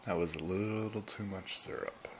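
A man's voice: deep voice, fairly even intonation, normal speed, fairly bright tone. A young man talking to himself while driving, rambling and joking, recorded from a distance with road noise behind. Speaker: vlogger. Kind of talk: casual talk while driving. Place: in a car.

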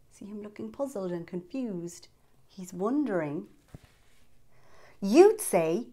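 A woman reading a picture book aloud to young children, lively and asking them questions. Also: medium pitch, slow pace, pauses often. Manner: lively, asks the listener questions. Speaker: children's storyteller.

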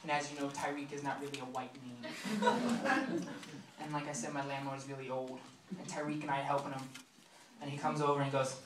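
A man's voice: mid-range voice, steady tone. Young man doing stand-up in a roomy club. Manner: chatty, filler-heavy delivery with quick asides to the crowd. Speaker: stand-up comedian. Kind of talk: stand-up comedy set. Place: comedy club stage. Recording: roomy club sound, mic far, noisy.

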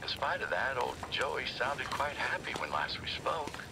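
An actor playing an older man reflecting sadly on a lost friend, in measured narration. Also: medium pitch, sing-song, vocal fry, background noise. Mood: wistful.

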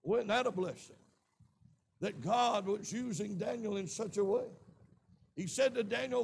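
Man, Southern accent, preaching, very high voice, gravelly fry, faint hiss behind. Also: moderate pace, long pauses. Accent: Southern American. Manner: preaching with rising shouts and frequent amens. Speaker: pastor. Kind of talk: sermon. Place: church sanctuary.

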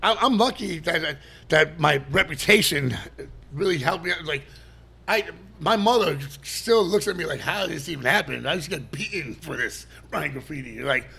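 A high, gravelly-voiced man spins stories as a podcast guest. His pitch leaps around wildly as he talks, profane and animated, laughing as he goes. It is loose, casual chat. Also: moderate pace.

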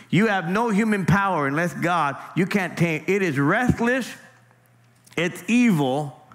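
Pastor, male, high-pitched voice, chatty stop-start sermon delivery. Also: a bit bright. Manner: conversational preaching, lots of "man" and stammered restarts. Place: church sanctuary.

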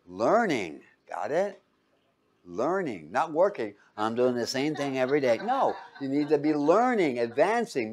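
Animated man quizzing a classroom. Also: a little high. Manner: quizzes the class with fill-in-the-blank questions; animated, acts out quotes in voices. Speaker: teacher. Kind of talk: classroom lecture.

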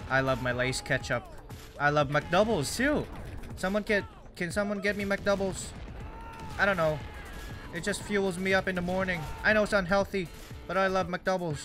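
A man's voice: high-pitched, moderate pace, a bit bright, soft background music. A young man, rambling and joking through casual gameplay commentary. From Canada. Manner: rambling, jokey, self-deprecating. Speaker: gaming YouTuber.

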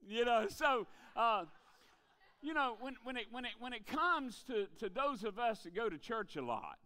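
A man preaching a revival sermon in a church, telling jokes in a folksy, animated way. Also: very high voice, moderate pace, clean tone. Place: church sanctuary.

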